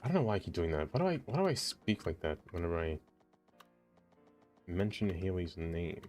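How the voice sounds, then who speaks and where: In a casual city-builder stream with faint music behind, a man chats with viewers, laughs often, and talks to himself as he builds. His low-pitched voice is expressive and a little mellow, moving at a brisk clip.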